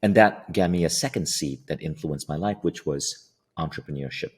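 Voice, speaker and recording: A middle-aged man from Malaysia, talking as an interview guest in a calm, soothing, slow meditation-teacher voice. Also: a bass voice, husky. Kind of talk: interview conversation.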